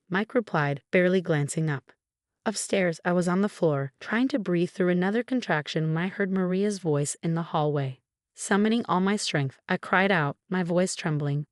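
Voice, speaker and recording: Low-voiced woman narrating a story. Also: expressive, moderate pace, no echo, clean studio sound. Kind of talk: first-person story narration.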